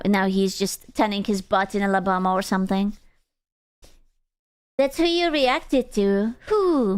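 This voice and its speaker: A woman's voice: fairly high pitch, smooth. A young woman from Hungary with a Hungarian accent, a streamer chatting casually with viewers, teasing, rambling and swearing freely.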